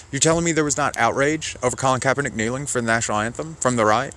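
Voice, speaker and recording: A man's voice: mid-range voice, very fast, few pauses, a bit bright. A man giving casual political commentary, argumentative and sarcastic, rambling as he rebuts a clip.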